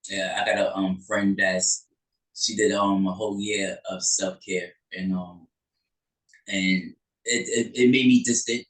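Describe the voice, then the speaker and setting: A man hosting a podcast interview, speaking haltingly with many "um"s and restarts. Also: low-pitched, steady tone, a bit bright. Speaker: podcast host. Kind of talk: casual interview talk. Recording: roomy, distant mic.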